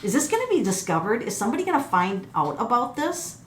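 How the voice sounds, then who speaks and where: Speaking fast with big pitch swings in a higher voice, this middle-aged tarot reader and numerologist gives her viewers a casual card reading. She calls them folks, muses aloud, and gasps and exclaims over each card, with a bit of hiss or hum in the audio.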